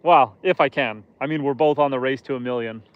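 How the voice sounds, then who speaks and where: A man's voice: medium pitch, brisk, no echo, highs cut off. A man hosting a casual live stream outdoors on a lake from a boat, chatting with viewers in a joking, self-deprecating way.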